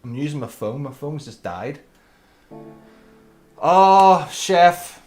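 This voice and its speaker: A man's voice: medium pitch, fairly quick, darkish tone, soft background music. A man commentating his own racing game live and chatting to viewers by name. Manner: chatty, addresses viewers by name, friendly banter. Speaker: livestreamer.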